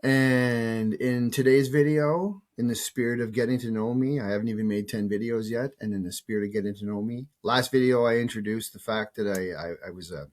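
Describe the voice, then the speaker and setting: A man's voice: medium pitch, fairly quick, hardly any pauses. A man in his fifties, a show host who is sick with a cold, telling a personal story in a casual, rambling way with restarts and the odd swear word.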